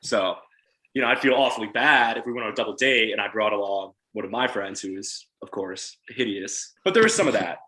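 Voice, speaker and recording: A man's voice: lowish voice, lively intonation, a little fast, sharp tone, poor audio. A young man joking in casual podcast chat, blunt and dry, filling his talk with "you know.". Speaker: podcast guest.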